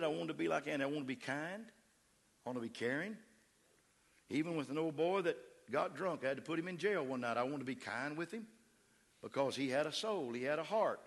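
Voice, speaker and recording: In an echoey church sanctuary, a middle-aged West Texas man delivers a fervent, emphatic sermon as pastor, with call-outs to the crowd. His voice sits on the high side and is fairly bright.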